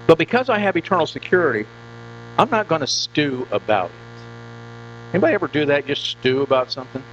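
A pastor preaching a conversational sermon in a church, often repeating words and asking the congregation questions. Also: male voice, on the high side, big pitch swings, fast, a bit bright. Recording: dull lo-fi recording with mains hum.

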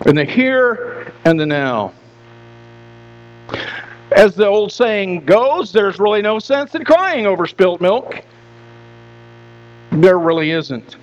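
A man preaching a sermon as pastor, earnest and repetitive, often restarting his phrases. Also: sits high. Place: church. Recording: dull lo-fi with mains hum.

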